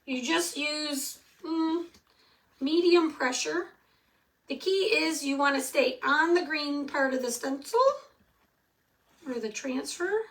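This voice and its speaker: A woman's voice: sits high, a bit bright, distant mic. A middle-aged woman hosting a live craft tutorial, chatty and answering viewer comments as she works. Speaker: craft tutorial host selling supplies.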